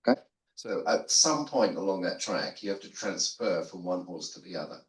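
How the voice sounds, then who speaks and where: An older man with a fairly low voice speaks on a seminary panel, rambling through stories with a self-deprecating, conversational manner. He restarts his sentences often. His voice carries a roomy echo. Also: lively intonation, normal speed. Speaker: guest theologian on a seminary panel. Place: seminary lunch room.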